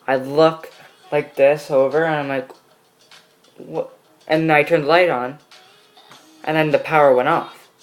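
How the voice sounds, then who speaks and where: A teenage boy with a medium-pitched voice tells a personal story in a casual vlog, captured in a rough recording. He rambles along, using many fillers.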